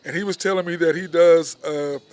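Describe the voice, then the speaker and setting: Man, bar podcast host, laid-back storytelling, slightly high-pitched. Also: steady tone, fairly quick, a little mellow, faint music behind. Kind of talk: casual chat.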